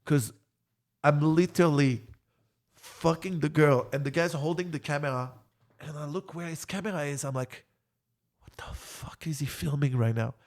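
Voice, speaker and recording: A French-accented man in his forties tells stories as an interview guest. His voice is gravelly and sits a little high. He swears freely and jumps into the voices of the people in his story. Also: moderate pace. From France. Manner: swears a lot, animated retelling with quoted voices. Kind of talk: casual storytelling.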